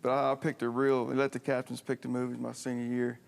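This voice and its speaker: Gravelly former team captain. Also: male voice, medium pitch, completely flat delivery, fast talker.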